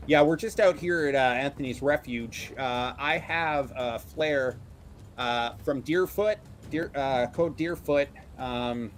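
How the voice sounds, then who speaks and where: A man's voice: medium pitch, takes it slowly, slight background noise, natural voice. A man voicing a young, foul-mouthed sniper who stammers and swears when rattled. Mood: flustered. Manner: swears a lot, flustered, stammering.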